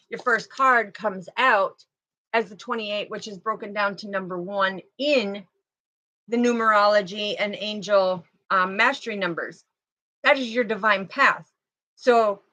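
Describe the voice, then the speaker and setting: A woman giving a live oracle card reading, talking in a slow, meandering, chatty way and addressing her viewers directly. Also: mid-range voice, fairly bright tone, poor audio. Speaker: spiritual card reader.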